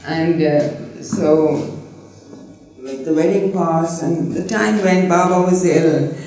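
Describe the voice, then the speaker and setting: Brief: older Indian-born woman telling stories, mellow tone, mic far off in an echoey room. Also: deep voice, faint music behind. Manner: rambling, halting storyteller with many fillers. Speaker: interviewee. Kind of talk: personal reminiscence. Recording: roomy, distant mic.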